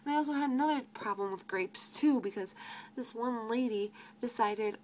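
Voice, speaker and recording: A woman's voice: on the high side, normal speed, a little mellow, slight background noise, rough recording. A teenage girl working as a grocery cashier, ranting sarcastically about rude customers and swearing freely. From United States. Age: teens. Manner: exasperated, sarcastic, swears freely, quotes customers in mocking voices. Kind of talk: venting vlog rant.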